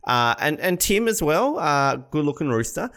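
A man's voice: on the high side, sing-song, normal speed, a bit bright. A man hosting a casual sports podcast, joking and rambling, often laughing. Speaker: podcast host. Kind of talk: casual chat.

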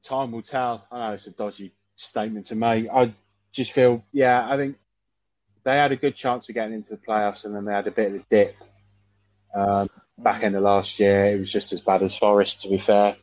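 A man in casual football chat, hesitant and measured, often repeating himself. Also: on the low side, steady tone, a little mellow, no echo. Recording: dull dry lo-fi sound.

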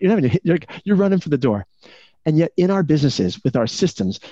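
A fast-talking male coach leading a real estate team on a video call, throwing question after question at the group. His tone is mellow and dark. The call audio is dry and muffled. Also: medium pitch, no room sound. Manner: energetic, asks the group many questions.

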